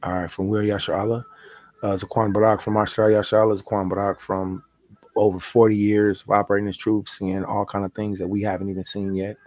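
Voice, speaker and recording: A man's voice: lowish voice, level tone, brisk, darkish tone, dry recording. A man leading a spoken prayer, chanting repeated invocations and confessing his faults. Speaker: prayer leader.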